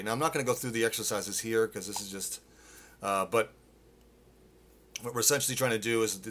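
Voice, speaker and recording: Man, vocal coach, middle-aged, bright tone, casual live-lesson delivery. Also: fairly low pitch. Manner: casual, explains with demonstrations and filler words.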